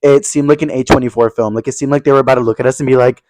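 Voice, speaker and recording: A man in his twenties, co-hosting a casual podcast, telling an animated story and acting out the people in it. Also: mid-range voice, very fast, low-quality recording. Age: 20s. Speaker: podcast co-host. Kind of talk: casual chat.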